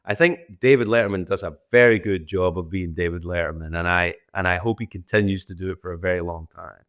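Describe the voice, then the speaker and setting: A man's voice: deep voice, a little fast, fairly bright tone. Rambling Scottish man in his sixties. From Scotland. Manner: rambling, self-deprecating, restarts often. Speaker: guest. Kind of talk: podcast interview.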